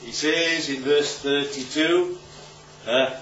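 A man's voice: a little high, expressive, moderate pace, a bit bright, a little hiss or hum. A male preacher giving an informal Bible talk, conversational and often checking in with his listeners. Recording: roomy, distant, dull recording.

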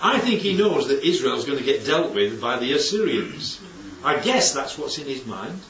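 Lively, chatty preacher. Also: male voice, medium pitch, normal speed. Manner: chatty, asks the congregation rhetorical questions. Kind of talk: conversational sermon. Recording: echoey hall, distant, dull mic.

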